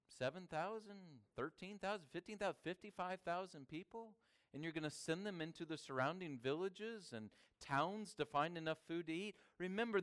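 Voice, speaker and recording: A man delivers a sermon in a smooth, resonant voice that sits a little high for a man. He moves between soft, hushed stretches and strong, emphatic lines. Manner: preaching with wide swings between hushed and emphatic. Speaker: pastor.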